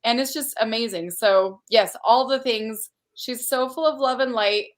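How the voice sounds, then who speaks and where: A woman's voice: a little high, unhurried. A woman hosting a livestream conference, chatting casually and effusively while reading out viewer comments. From Utah. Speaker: conference host.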